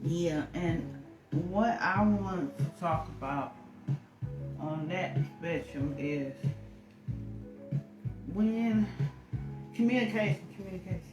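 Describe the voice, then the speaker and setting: A woman co-hosting a live relationship talk stream, animated and acting out what people say. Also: lowish voice, takes it slowly, pauses often. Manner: animated, acts out quoted lines. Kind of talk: casual live-stream chat. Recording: roomy sound with guitar music behind.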